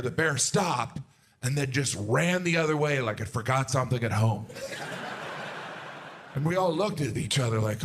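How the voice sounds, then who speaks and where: Brief: male stand-up comic, self-deprecating, very expressive and bouncy in pitch. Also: a little hiss or hum. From United States. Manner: animated, self-deprecating, jumps to high outraged acted-out voices. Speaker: stand-up comedian. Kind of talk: stand-up comedy routine.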